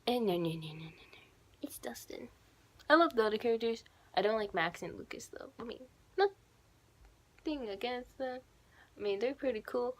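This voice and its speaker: A young woman in her teens rambling and gushing in a casual fan vlog, full of fillers and asides. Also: a little high. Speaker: YouTuber.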